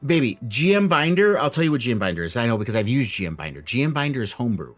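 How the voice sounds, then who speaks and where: A man's voice: medium pitch, racing, soft background music. A man chatting casually as game master after a tabletop campaign, rambling with lots of fillers. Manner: rambling, filler-heavy, animated.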